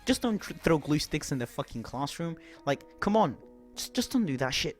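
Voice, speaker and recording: A woman's voice: deep voice, big pitch swings, normal speed, faint music behind. A young man voicing an exasperated female teacher who scolds and swears at a class. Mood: scolding.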